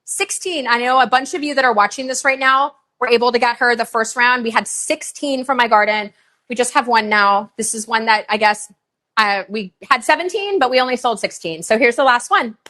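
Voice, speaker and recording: On a live online shopping broadcast, a middle-aged woman with a fairly high, sharp-toned voice chats effusively and bubbly. Between items she runs rapid countdowns.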